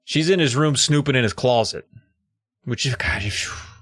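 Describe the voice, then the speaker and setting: A man co-hosting a podcast, recapping a story in a jokey, animated way. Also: mid-range voice, normal speed, slightly rough, dry recording, clean studio sound. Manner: animated, jokey, acts out characters. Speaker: podcast co-host.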